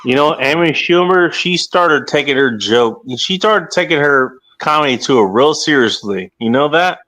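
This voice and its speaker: A man's voice: fairly high pitch, animated, normal speed, sharp tone. A man hosting a casual online chat, blunt and swearing, calling out his guests by name over a video call. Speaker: host.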